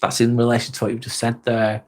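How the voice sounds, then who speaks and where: A man's voice: mid-range voice, monotone, fast, darkish tone. An English man hosting a casual live chat, reading out viewer comments and answering them in a blunt, jokey way, swearing freely and chuckling often. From England. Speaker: live stream host.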